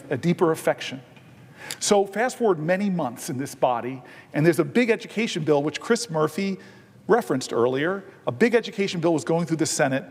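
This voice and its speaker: High-pitched man orating in a big reverberant chamber. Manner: earnest storytelling that swells into emphatic, drawn-out stresses. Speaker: senator. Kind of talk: impassioned floor speech with storytelling. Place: large legislative chamber. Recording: long reverb of a large chamber.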